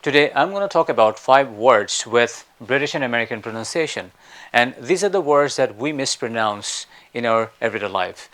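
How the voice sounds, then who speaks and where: A man teaching English pronunciation in a spoken lesson, breaking words into slow syllables and having listeners repeat after him. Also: medium pitch, animated. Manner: slow syllable-by-syllable drilling, louder on sounds.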